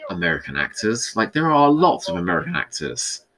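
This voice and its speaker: Brief: man, very low voice, loose conversational commentary, chatty and meandering. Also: very animated, a little fast, bright, forceful tone, low-quality recording. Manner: rambling, conversational, thinking aloud. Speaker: episode commentator. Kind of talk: casual recorded commentary.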